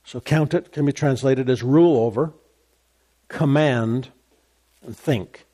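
A man preaching a sermon, emphatic and repetitive, his voice rising high when he gets excited. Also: unhurried. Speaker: pastor.

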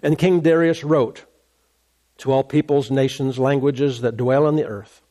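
Preaching a sermon, a man reads a scripture story aloud and stops now and then for casual asides about it. His mid-range voice is steady, unhurried and warm.

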